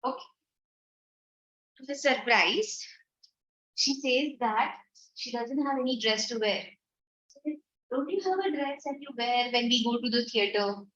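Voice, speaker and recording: A woman's voice: high-pitched, a bit bright, slight background noise. A woman, teaching an online class. She explains a story and reads its lines in character. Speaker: English teacher. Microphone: computer mic in an online class. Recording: roomy, dull lo-fi online lecture audio.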